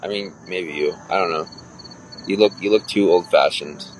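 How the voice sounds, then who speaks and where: A man's voice: deep voice, normal speed, slight background noise, poor audio. A man livestreaming, chatting casually with viewers and reading out their comments in a crude, boastful, rambling way.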